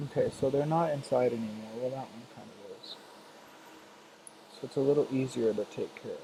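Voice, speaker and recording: This is a young man streaming a life-sim game. He talks casually to his viewers, full of playful sass and mock outrage. His voice is warm and mellow and sits at an ordinary pitch. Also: a little fast, vocal fry, a little hiss or hum, rough recording. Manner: sassy, playful, dramatic asides. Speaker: Sims gameplay streamer. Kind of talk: casual live-stream chat over gameplay.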